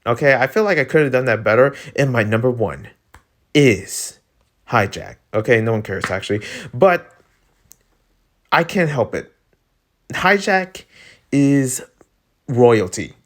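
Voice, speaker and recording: A man with a Filipino accent talks at a medium pitch in loose, excitable vlog commentary. He rambles and leans hard on fillers. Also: unhurried, pauses often. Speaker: vlogger ranking breakdancers. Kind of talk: casual commentary.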